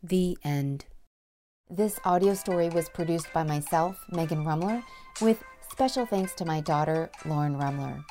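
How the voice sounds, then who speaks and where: A middle-aged woman narrating a children's story in a gentle, sing-song read-aloud manner. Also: low-pitched, measured pace, soft background music. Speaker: narrator and producer.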